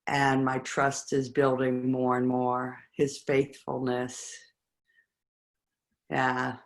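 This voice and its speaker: Reflective study group member with a flat, level delivery and halting phrasing. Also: mid-range voice, vocal fry. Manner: reflective and halting, with pauses between words. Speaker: group discussion participant. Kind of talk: personal sharing in a spiritual study group.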